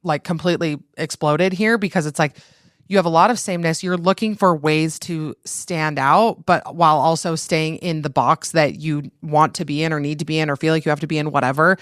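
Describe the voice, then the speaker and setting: A woman's voice: sits low, steady tone, fairly quick, no room sound, clean studio sound. A woman from Utah, a podcast guest in casual chat, rambling with many fillers.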